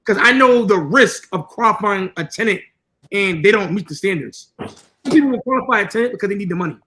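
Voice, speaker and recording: A man's voice: sits high, expressive, fairly quick, sharp tone, rough recording. A man co-hosting a podcast, talking casually in a blunt, profane, lecturing way. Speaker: podcast co-host.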